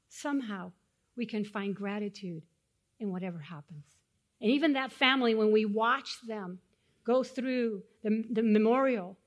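A woman pastor giving a sermon, asking the congregation questions and dropping to hushed, solemn tones when telling stories of loss. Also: medium pitch. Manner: dynamic, swings from loud rhetorical questions to hushed solemn tones.

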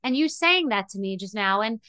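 Bright-voiced, emotional middle-aged woman. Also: medium pitch, expressive, a little fast, smooth, no room sound. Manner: emotional, rambling storytelling with restarts. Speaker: podcast host. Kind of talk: candid monologue.

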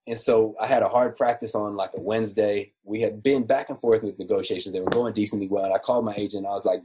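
A man in his forties, a former football player, telling stories in a relaxed, chatty way with many fillers. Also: on the low side, fairly quick, hardly any pauses, slight background noise. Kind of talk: casual storytelling interview.

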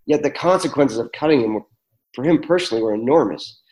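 A man's voice: medium pitch, lively intonation, quick pace, a little mellow, rough recording. A man, telling personal stories as a guest in a conversation, earnest and full of fillers and restarts. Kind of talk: reflective storytelling in conversation.

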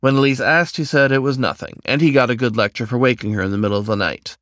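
A man reading a fantasy story aloud as its narrator in a steady storyteller's manner. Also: medium pitch, fast talker, no echo, studio quality. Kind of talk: scripted narration.

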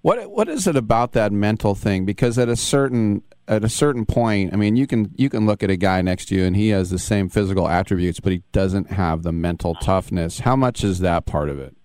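A man's voice: lowish voice, a little fast, hardly any pauses, darkish tone, dry recording. A male radio host asking playful, joking questions in an interview.

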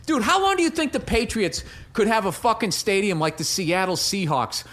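A man argues football with a rapid, fired-up, profanity-laced delivery. His voice sits fairly high for a man. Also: lively intonation, fairly bright tone. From Boston area. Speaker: podcast guest. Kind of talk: heated casual sports argument.

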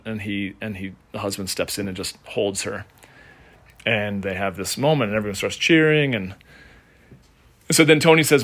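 A man's voice: on the low side, normal speed, fairly bright tone. A man hosting a podcast, telling a story in a casual, rambling way with many fillers. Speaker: podcast host. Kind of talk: storytelling monologue.

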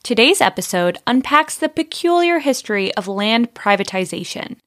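A woman's voice: fairly high pitch, sing-song, a bit bright. Woman reading a formal show intro. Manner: measured, formal. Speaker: show announcer. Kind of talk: scripted narration.

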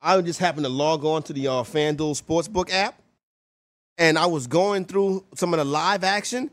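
A man's voice: on the high side, normal speed. A man hosting a sports radio show, chatting casually with loose, enthusiastic banter. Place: radio studio.

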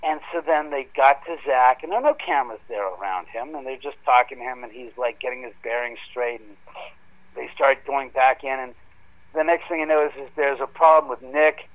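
A man telling a story in a casual, animated way that grows heated as he goes. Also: mid-range voice, fairly quick, dull audio. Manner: animated, gets heated retelling events. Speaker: guest homeowner telling a story.

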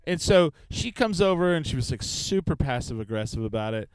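A man interviewing casually at an outdoor festival campground, telling stories in a rambling, quick way full of fillers. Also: mid-range voice, big pitch swings, smooth, dry recording, low-quality recording.

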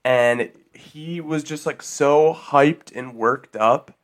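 A man's voice: fairly high pitch, slow. A man co-hosting a comedy podcast, laughing often and telling playful stories. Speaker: podcast co-host. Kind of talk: casual comedic chat.

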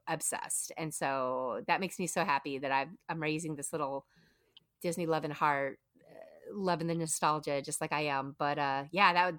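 Woman, thirties, podcast co-host, excitable, fairly low voice, dry close sound. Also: dry recording. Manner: chatty, excitable, many restarts. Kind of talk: casual chat.

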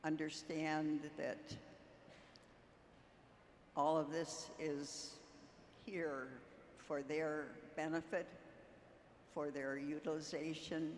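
Slow, halting woman in an echoey hall. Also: low-pitched, flat delivery, slight background noise. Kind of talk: onstage interview answer. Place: stage at a fan convention. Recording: echoey hall, faint ambience.

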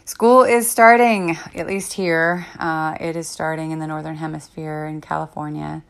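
A woman's voice: low voice, fairly even intonation, moderate pace, vocal fry, clean tone. A woman in her thirties hosting a parenting podcast alone, talking in a reflective, rambling way with many fillers. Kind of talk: casual solo talk.

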